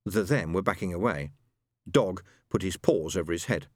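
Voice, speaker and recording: A man narrating a novel as an audiobook with expressive, dramatic storytelling. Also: low voice, normal speed, no echo.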